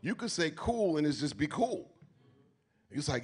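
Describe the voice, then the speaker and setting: A man with a New York accent speaks on stage at an event. He talks in an animated, sermon-like way, loaded with street slang and casual profanity. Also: on the high side, normal speed, breathy edge. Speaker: keynote speaker. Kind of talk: onstage conversation. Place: event stage before an audience.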